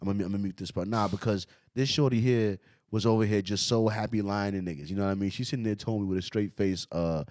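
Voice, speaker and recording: A man reacting to a clip, laughing often and talking in loud, slangy disbelief. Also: lowish voice, fast. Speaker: streamer reacting to a video. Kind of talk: casual reaction commentary.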